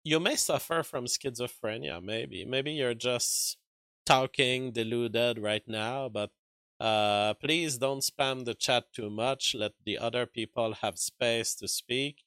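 A man's voice: mid-range voice, slow, a bit bright, clear, resonant tone, no echo. A man with a French accent hosting a livestream, reading chat and arguing back in loose, filler-heavy talk. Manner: argumentative, talks back to chat, many fillers and restarts. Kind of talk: casual livestream commentary.

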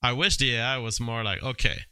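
A man talks to his live-stream viewers about AI-made songs, often laughing and playfully mimicking sounds. His voice is smooth and resonant, with a dry, close sound free of room echo. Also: mid-range voice, fairly even intonation, brisk, bright, forceful tone. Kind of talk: live-stream commentary, reading chat aloud.

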